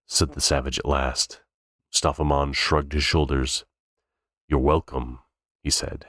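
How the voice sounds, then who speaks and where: Very deep-voiced man cold-reading a novel. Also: little pitch movement, unhurried, long pauses, a bit bright, no echo, clean studio sound. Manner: unrehearsed, stumbles and restarts words. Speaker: reader. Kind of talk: cold-read audiobook narration.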